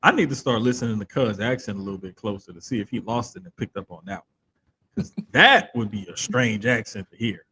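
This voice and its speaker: A man co-hosting a podcast in casual chat, talking in an animated, emphatic way and keeping his accent in check the way broadcasters do. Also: lowish voice, slight background noise. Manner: animated, drawn-out emphatic storytelling. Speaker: podcast co-host.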